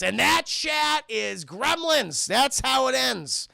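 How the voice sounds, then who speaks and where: A young man streaming a casual, profane spoiler recap, talking excitedly to his chat. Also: very high-pitched, takes it slowly, vocal fry, hardly any pauses, no room sound, clean studio sound. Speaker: streamer and film reviewer.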